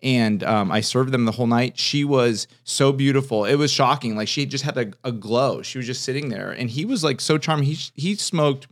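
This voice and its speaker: Animated man telling stories casually. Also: mid-range voice, moderate pace, hardly any pauses. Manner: animated storyteller, restarts and fillers. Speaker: comedian guest. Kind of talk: casual podcast chat.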